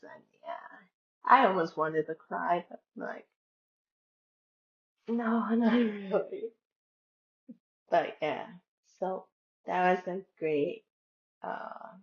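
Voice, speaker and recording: A woman vlogging casually, talking slowly and quoting what everyone said along the way. Her voice has a gravelly, creaky edge, and the sound is dull and lo-fi. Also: lowish voice. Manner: chatty, retells conversations with many "I'm like" quotes. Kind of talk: casual personal storytelling.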